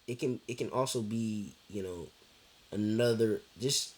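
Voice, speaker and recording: Slow, low-voiced young man rambling. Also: darkish tone, husky. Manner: rambling, repeats himself, heavy fillers and swearing. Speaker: vlogger. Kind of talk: casual storytelling chat.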